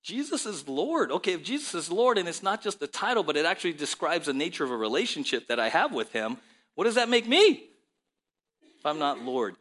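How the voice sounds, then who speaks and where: A male pastor delivers a sermon full of lively storytelling, punctuating points with rhetorical questions. His voice sits a little high and sounds bright and forceful. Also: fairly quick. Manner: animated storytelling, frequent rhetorical "right?".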